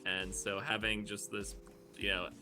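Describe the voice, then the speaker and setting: A man's voice: fairly low pitch, flat delivery, measured pace, music in the background. A man co-hosting a casual podcast, speaking bluntly with frequent swearing and rambling filler words. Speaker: podcast co-host.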